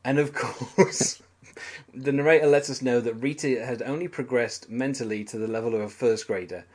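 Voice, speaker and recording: A man's voice: medium pitch, normal speed, darkish tone, slight background noise. A man with a British accent hosting a podcast, talking through a sitcom episode in a rambling, analytical way with fillers. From Britain. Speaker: podcast host. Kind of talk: casual chat.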